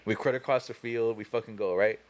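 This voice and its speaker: On a podcast, a young man recounts a long, profane story, rambling and leaning on "like" and "you know." His voice is lowish, his intonation fairly even, and his pace fairly quick in this casual storytelling chat.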